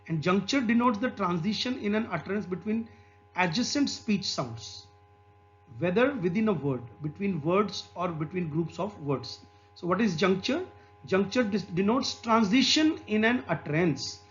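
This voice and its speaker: A man lecturing with an Indian English accent, explaining slowly and repeating examples aloud, with frequent "okay". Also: high-pitched. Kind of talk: exam-prep lecture. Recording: slightly dull lo-fi recording with faint music.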